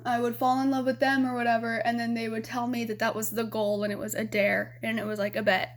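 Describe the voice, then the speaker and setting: Young woman from arizona, kinda high-pitched, rambly and blunt, lots of "you know", swears. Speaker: vlogger. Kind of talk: casual storytelling to camera.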